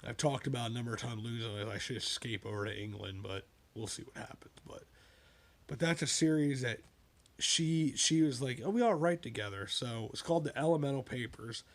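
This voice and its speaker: A man chatting casually about his own books, wandering off into side stories and asides as he goes. His voice sits in an ordinary middle pitch. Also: fairly even intonation, moderate pace. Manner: rambling, with digressions and asides. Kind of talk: casual spoken monologue.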